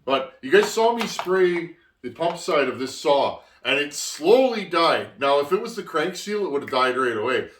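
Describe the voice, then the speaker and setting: A man's voice: a little high, big pitch swings, normal speed, few pauses, a bit bright, reverberant, distant mic, slight background noise. A Canadian man hosting a chainsaw channel, chatting casually to viewers as friends while he opens packages, with rambling restarts. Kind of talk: casual vlog, opening mail.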